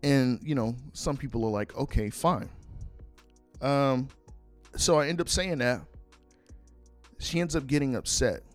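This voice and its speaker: A man's voice: mid-range voice, a little slow, pauses often, faint music behind. A young man hosting a podcast, telling a personal story casually, swearing and acting out what people said. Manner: animated, swears freely, acts out quoted lines. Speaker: podcast host.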